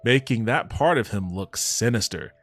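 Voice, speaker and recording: A man's voice: mid-range voice, expressive, moderate pace, fairly bright tone. A man co-hosting a casual podcast chat, wry and given to laughing as he reads passages aloud. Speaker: podcast co-host.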